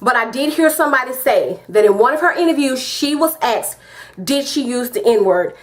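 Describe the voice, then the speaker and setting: A woman vlogging her opinion with a high voice. She talks in an emphatic, direct way, stressing her points. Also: lively intonation, moderate pace. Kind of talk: opinion vlog.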